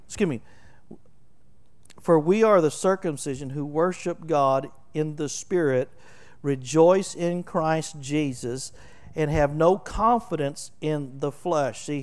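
A middle-aged man with a Southern Oklahoma accent preaching a sermon, telling folksy stories and swelling into loud, emphatic bursts as he explains scripture. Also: fairly high pitch, clear, resonant tone. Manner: animated, folksy storytelling with laughter and emphatic swells. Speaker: pastor.

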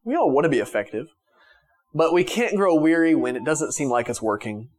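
Conversational preaching man, slightly high voice. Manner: conversational preaching with restarts and fillers; swings from raised emphatic lines to quiet soft ones. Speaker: pastor. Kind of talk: sermon.

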